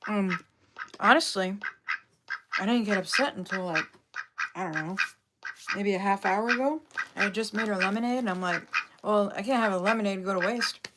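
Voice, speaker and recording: A woman's voice: mid-range voice, moderate pace, long pauses, very noisy. A young woman hosting a casual livestream from home, talking in a rambling way with lots of fillers. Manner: rambling, filler-heavy and chatty. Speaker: livestream host.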